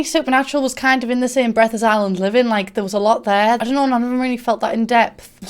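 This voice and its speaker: Giddy woman with a Middlesbrough accent. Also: mid-range voice. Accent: Middlesbrough English. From England. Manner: bubbly, giddy, sarcastic. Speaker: gaming YouTuber. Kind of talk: casual chat to camera.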